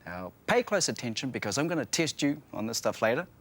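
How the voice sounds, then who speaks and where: A man's voice: medium pitch, sing-song, fast talker, a bit bright. A man with a New Zealand accent co-hosting a language lesson show, presenting in a playful, joking way.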